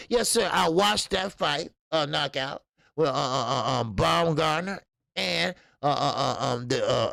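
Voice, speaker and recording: Gravelly American boxing-stream host. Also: male voice, on the high side, no room sound, studio quality. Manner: animated, talks straight to chat, many fillers and restarts. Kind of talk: live-stream commentary with chat.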